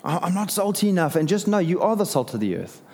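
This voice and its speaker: A middle-aged man, a pastor, preaching a sermon in a casual, conversational way with animated turns and self-deprecating asides. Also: sits high, fast. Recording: long hall reverb.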